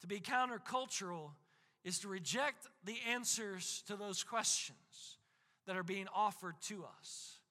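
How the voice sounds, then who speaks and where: High, bright-voiced preaching man. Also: unhurried, in a large hall. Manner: impassioned preaching with emphatic repetition. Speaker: pastor. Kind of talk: sermon.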